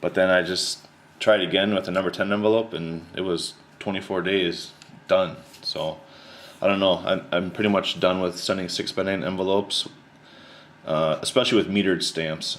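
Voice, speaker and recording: A man chatting casually to camera about his collection, rambling and relaxed, with plenty of slang and fillers. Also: sits low, slight background noise. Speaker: card collector showing his mail returns.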